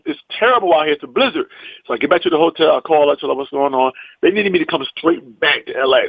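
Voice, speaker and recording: Animated storytelling comedian, high-voiced man. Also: gravelly, no echo. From US East Coast. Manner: animated, acts out every quote, salty language. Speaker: comedian guest. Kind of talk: storytelling anecdote. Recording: dull, dry podcast audio.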